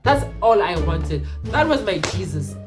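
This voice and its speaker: A young man from Mpumalanga telling a personal story in a rambling, animated, casual way, with swearing and restarts. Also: high voice, measured pace, music in the background. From Mpumalanga, South Africa.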